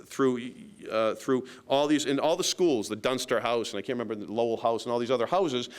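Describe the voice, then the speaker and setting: A man talks at a local meeting as a county sheriff. His voice is smooth and resonant, at an ordinary pitch for a man. He tells his story in a loose, rambling way, with many fillers and a self-deprecating humor. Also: fairly quick.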